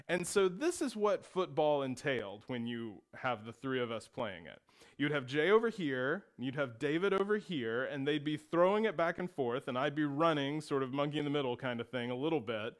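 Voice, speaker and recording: A man preaching from the pulpit, his voice sitting a little higher than most men's. He tells stories with plenty of life and slips into playful voices for the people in them. He is middle-aged and comfortable speaking to a congregation. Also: lively intonation, normal speed. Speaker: pastor. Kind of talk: sermon storytelling.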